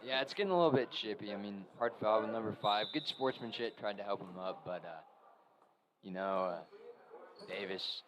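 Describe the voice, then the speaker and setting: Young guy on color commentary, lowish voice, lots of ums, gym crowd noise behind. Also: moderate pace. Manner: rambling, lots of fillers. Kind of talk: local sports commentary.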